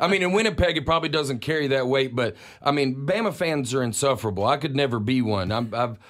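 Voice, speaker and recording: A man's voice: mid-range voice, quick pace, fairly bright tone. A man from Alabama with a Southern accent, a guest chatting casually in a radio studio and laughing often. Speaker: guest comedian. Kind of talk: casual chat.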